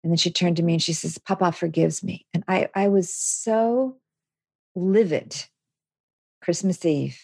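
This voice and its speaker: A woman's voice: fairly low pitch, measured pace, pauses often, a little mellow, no room sound, clean studio sound. A woman guest on an interview, telling her own story in a candid, reflective way. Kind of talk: personal testimony.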